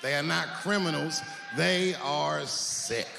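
Gravelly-voiced man doing profane stand-up. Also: fairly high pitch, over music. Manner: profane, conversational punchlines with long pauses. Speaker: stand-up comedian. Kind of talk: stand-up comedy. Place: stage in a hall with a live audience. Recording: echoey hall with crowd noise.

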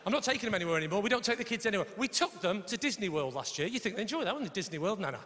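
A man doing stand-up comedy, chatting with the crowd in a cheeky, animated way. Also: high voice, racing. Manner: cheeky, animated, shouts punchlines and mimics voices. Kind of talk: stand-up routine with crowd work. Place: large comedy venue on stage. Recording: echoey live venue, audience noise.

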